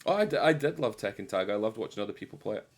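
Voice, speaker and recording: A man's voice: fairly low pitch, expressive, very fast. A man streaming a game and chatting casually, swearing freely and poking fun at himself. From United Kingdom. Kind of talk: casual live-stream chat while gaming.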